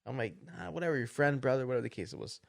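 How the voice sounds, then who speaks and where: A man's voice: medium pitch, racing, creaky. A man co-hosting a podcast, casually retelling a story and acting out the quotes with frequent laughter. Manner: animated retelling, acts out quotes, laughs often. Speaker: podcast co-host.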